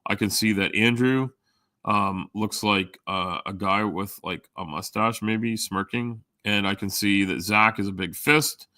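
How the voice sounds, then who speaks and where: A man's voice: lowish voice, measured pace, bright, forceful tone, no room sound, clean studio sound. A middle-aged man chatting casually with live viewers as a stream host, rambling with lots of fillers. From Canada. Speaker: livestream host.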